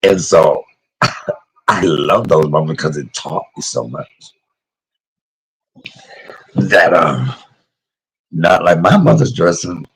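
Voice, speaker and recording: A man's voice: low voice, slow pace, pauses often, slightly rough, rough recording. A middle-aged man chatting casually as he cooks, emotional and talkative, reading out viewers' comments as he goes. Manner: emotional, chatty, talks to live chat by name. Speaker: cooking vlogger. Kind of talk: casual cooking talk to viewers.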